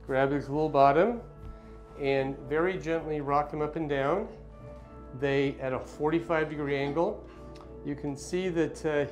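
Middle-aged male pediatrician, calm instructional demo, slightly high voice, faint background music. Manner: gentle, reassuring, plain explaining. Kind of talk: demonstration with instructions to parents.

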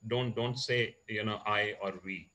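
A man lectures over a video call, his voice sitting on the lower side. He pauses often, restarting sentences and filling gaps with "uh" and "you know". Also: steady tone, sharp tone, rough recording. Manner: hesitant, many fillers and restarts. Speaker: guest speaker, lecturer. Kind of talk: online lecture. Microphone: computer or phone mic on a video call.

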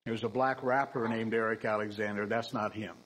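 A man preaching a sermon in a church, earnest and emphatic, with dry humorous asides and frequent throat-clearing. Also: fairly low pitch, fairly even intonation, brisk, fairly bright tone, a little hiss or hum, low-quality recording.

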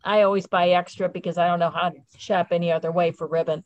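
A woman's voice: fairly low pitch, flat delivery, fast, highs cut off. A woman co-hosting a library live stream who is losing her voice and reads out viewer comments in a friendly way. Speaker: library program host.

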